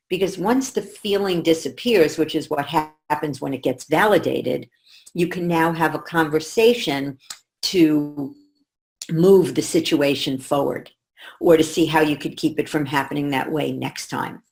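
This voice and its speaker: A middle-aged woman coach explaining calmly and in measured steps to camera. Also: low voice, gravelly. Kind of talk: teaching talk to camera.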